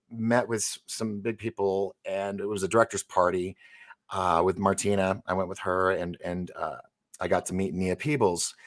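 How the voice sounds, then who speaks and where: A man hosting a live interview show, telling long stories in casual chat with frequent laughs and restarts. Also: deep voice. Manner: animated storyteller, laughs and restarts often. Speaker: show host.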